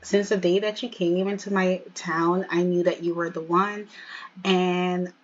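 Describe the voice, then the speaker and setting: A woman's voice: fairly low pitch, little pitch movement, a little slow, highs cut off. A woman voicing a tender, devoted young man proposing to his girlfriend in a narrated life-sim story. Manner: earnest, reassuring.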